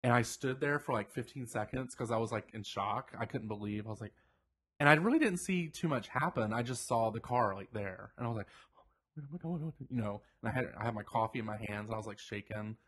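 A man co-hosting a podcast, chatting casually and telling a story with lively acted-out quotes. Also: lowish voice, quick pace, husky. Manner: animated storyteller, acts out quoted voices. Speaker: podcast co-host. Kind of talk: casual chat.

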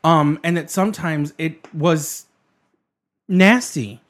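A man arguing his side in a casual debate, animated, profane and defensive, with frequent restarts. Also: on the high side, slow.

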